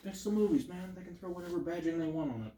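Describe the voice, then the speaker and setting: A man's voice: sits high, very fast, dark tone, far from the mic. A man with a middling voice chats wryly about a film and keeps steering the talk. He sounds off-mic in an echoey room. A faint hiss sits underneath. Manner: wry, steers the conversation. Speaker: podcast co-host. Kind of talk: casual movie review chat.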